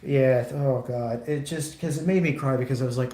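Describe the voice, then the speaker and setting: A man's voice: mid-range voice, fairly quick, dark tone, reverberant, slight background noise. A man livestreaming while he builds a model kit, chatting casually in a rambling, profane way with lots of restarts.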